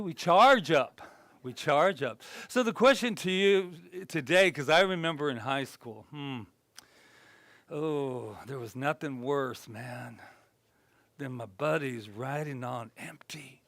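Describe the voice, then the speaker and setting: A male minister giving a conversational sermon, animated and self-deprecating, then dropping to a soft, reflective tone. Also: a little high, unhurried, no room sound. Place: spiritual center gathering.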